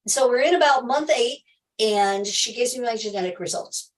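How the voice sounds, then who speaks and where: A woman's voice: on the high side, normal speed, recorded from a distance, low-quality recording. Emphatic woman telling her story. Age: middle-aged. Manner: emphatic, repeats key phrases, laughs often. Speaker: health coach hosting a livestream. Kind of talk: casual personal story to viewers.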